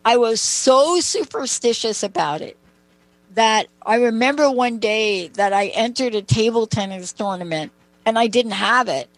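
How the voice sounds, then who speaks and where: A talk show host with a higher-pitched voice tells personal stories at a measured pace, keeping it chatty and tossing asides to her co-host. The audio is poor, though there's no echo.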